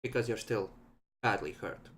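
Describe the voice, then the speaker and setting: Calm man running a tabletop game. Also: lowish voice, moderate pace. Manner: calm, explains rules and narrates outcomes. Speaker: game master.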